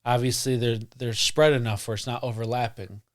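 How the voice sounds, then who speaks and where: A man's voice: medium pitch, steady tone, a little fast. A man hosting a podcast, chatting casually and reading sighting accounts aloud with frequent restarts. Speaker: podcast host.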